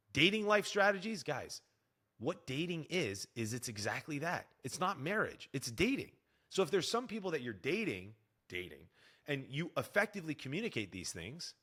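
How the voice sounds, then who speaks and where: Animated man giving fitness advice. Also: on the high side. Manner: energetic, animated, acts out dialogue. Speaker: fitness coach. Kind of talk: direct-to-camera fitness advice.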